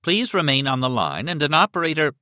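A man's voice: on the high side, sing-song, a little fast, pushed and bright, dry recording, studio quality, pitched above the performer's own voice. A male audiobook reader voicing a vaguely female automated phone voice that recites in a mechanical, jig-jagging way. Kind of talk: audiobook character voice.

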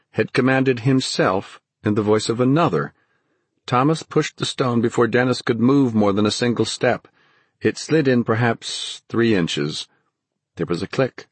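A man narrating a fantasy audiobook in a measured, dramatic storytelling manner. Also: medium pitch, slightly rough, no echo.

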